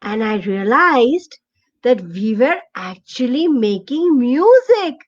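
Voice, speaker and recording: A woman's voice: on the high side, sing-song, slow, muffled recording, exaggerated voice. A woman voicing a friendly male frog who plays drums, speaking earnestly to his friend. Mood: affectionate. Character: friendly male frog drummer, fun-loving.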